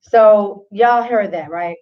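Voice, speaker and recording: Woman, radio host, casual opinionated commentary, middle pitch, slightly muffled sound. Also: slow, over a noisy crowd. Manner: chatty, opinionated, addresses listeners as y'all.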